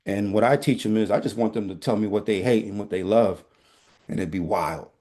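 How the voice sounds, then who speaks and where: In a laid-back conversation, a guest who is a teaching artist spins stories playfully and candidly, full of animation. His voice is lowish and he speaks a little fast.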